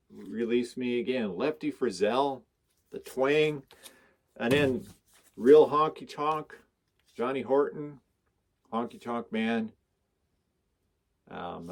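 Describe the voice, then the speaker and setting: A man talking casually about his records at a mid pitch. He rambles along with enthusiasm and stops to list song titles as he goes. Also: darkish tone. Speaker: record collector vlogger. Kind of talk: casual chat showing records.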